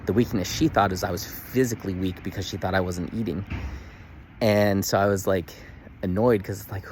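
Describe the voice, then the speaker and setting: A man in his thirties talking casually to the camera in a daily video diary, earnest and animated, full of "like" fillers. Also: deep voice, moderate pace, a little hiss or hum. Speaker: vlogger.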